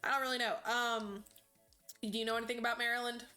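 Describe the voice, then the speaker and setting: A woman's voice: on the high side, level tone, fast talker, bright, forceful tone, soft background music. A woman streamer chatting casually as she plays, rambling and hesitant with many ums.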